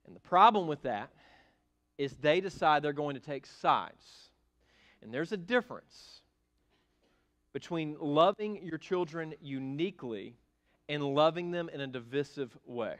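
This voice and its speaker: A middle-aged man preaching a sermon as pastor in a church, animated and emphatic, with sudden loud bursts. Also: on the high side, a little slow. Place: church sanctuary.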